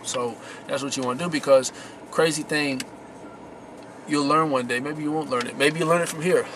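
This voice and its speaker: A man's voice: fairly high pitch, steady tone, moderate pace, fairly bright tone, slight background noise. A man giving casual motivational tips to his viewers, slangy and emphatic, repeating his key words. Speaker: vlogger giving success tips. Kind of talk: casual motivational talk to camera.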